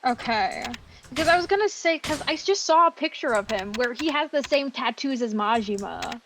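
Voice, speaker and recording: A woman co-hosting a game stream, curious and excitable, asking lots of questions. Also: high-pitched, moderate pace, background noise. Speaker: co-host. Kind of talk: casual gaming chat.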